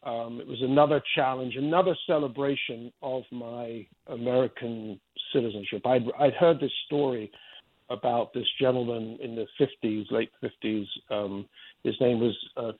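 A man's voice: mid-range voice, steady tone, normal speed, no echo. A middle-aged man from Spain, an artist giving a long, rambling interview answer, often restarting and repeating his words. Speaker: artist guest. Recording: tinny phone-line sound.

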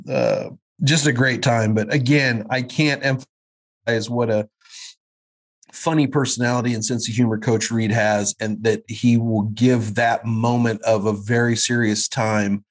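A man's voice: on the low side, fairly even intonation, moderate pace. Guest actor man in his fifties, reminiscing. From Kansas City area. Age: 50s. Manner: warm, reminiscing, with many fillers and restarts. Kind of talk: casual conversation.

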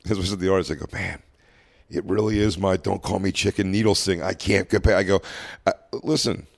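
A man's voice: deep voice, a little fast, vocal fry. A man, a stand-up comedian, chatting casually and animatedly acting out exchanges with a heckler. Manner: animated, acts out crowd exchanges. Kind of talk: casual chat, storytelling.

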